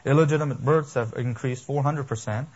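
A man's voice: medium pitch, a little fast, a little mellow. A man preaching a sermon as a pastor, emphatic and building, with lists and rhetorical questions. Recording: dull lo-fi sermon recording.

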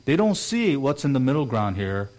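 A man's voice: mid-range voice, very animated, normal speed, a little mellow. A man preaching a sermon in an earnest way, now and then acting out quoted voices. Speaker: pastor.

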